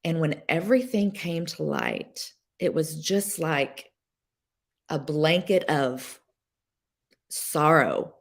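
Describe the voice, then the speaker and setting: A woman guest sharing a personal story on a podcast, emotional and halting, with many fillers and restarts. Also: low-pitched, creaky. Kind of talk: candid personal testimony.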